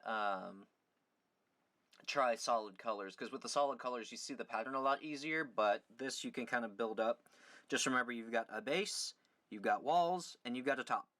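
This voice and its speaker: A young man hosts a casual livestream beading lesson, chatty and rambling with a self-deprecating streak. His voice is medium in pitch and a bit bright.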